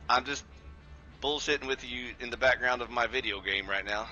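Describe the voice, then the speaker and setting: Sharp-voiced, profane, sarcastic male streamer. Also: medium pitch, steady tone, unhurried, dull audio, soft background music. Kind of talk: casual live-stream chat over gameplay.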